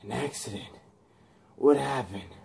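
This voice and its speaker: A man's voice: mid-range voice, measured pace, creaky, darkish tone, slight background noise. A man voicing a bewildered, frightened male office worker who stammers out confused questions.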